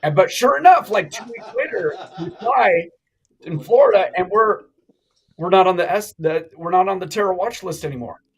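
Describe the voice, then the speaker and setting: Middle-aged guy rambling thru a story on a live show, kinda high voice, lots of restarts. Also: normal speed, rough recording. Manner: animated, rambling, many restarts. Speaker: guest.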